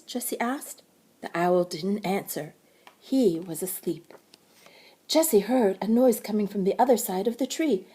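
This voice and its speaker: Gentle, breathy woman reading to children. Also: mid-range voice, expressive, measured pace. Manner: gentle, warm-toned teacherly narration. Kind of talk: read-aloud storytelling for children.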